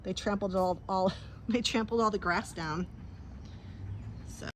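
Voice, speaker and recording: A woman's voice: medium pitch, unhurried, long pauses, a little hiss or hum. A woman chatting casually on a phone live stream outdoors by a pool, rambling and teasing her dogs. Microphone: handheld phone. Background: dogs barking.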